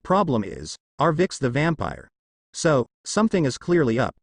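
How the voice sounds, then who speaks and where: A man voicing a gruff young male monster hunter who talks with a drawl in a fan story reading. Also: on the high side, sing-song, moderate pace, no room sound, studio quality. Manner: drawling, menacing.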